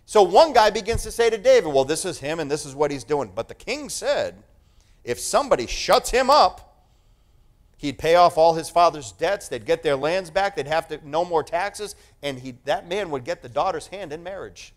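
Animated, high-pitched male preacher. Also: normal speed. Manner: animated, emphatic, repeating phrases. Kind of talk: sermon.

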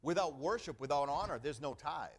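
A man's voice: fairly high pitch, expressive, brisk, breathy edge. A middle-aged man preaching a sermon as pastor, emphatic and conversational, often calling for an "amen" from the congregation.

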